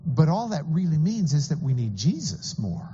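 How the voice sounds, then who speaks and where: Male pastor preaching earnestly, lively higher voice, dull hall recording with faint hum. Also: normal speed. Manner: earnest, explanatory, some stammering restarts. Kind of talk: sermon.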